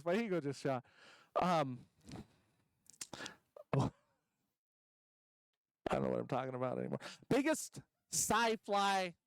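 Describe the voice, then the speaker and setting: A man's voice: on the high side, gravelly, smooth, no room sound, low-quality recording. A man doing a stand-up comedy set at a convention stage, rambling and self-deprecating, full of ums and restarts.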